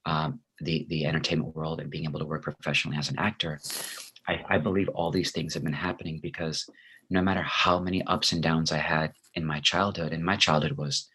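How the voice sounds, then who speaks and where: A man with a very low, husky voice recounts his life story to an interviewer. He talks earnestly and with feeling, reflective and sincere, in a relaxed conversational flow. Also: fairly quick. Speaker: interview guest, actor.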